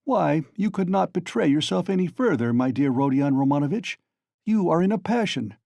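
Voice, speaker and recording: Male reader as a good-humored, ironic examining lawyer, mocking, mellow and gravelly. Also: a little high, very animated, normal speed, dry recording, clean studio sound, voice pushed up, heavily acted.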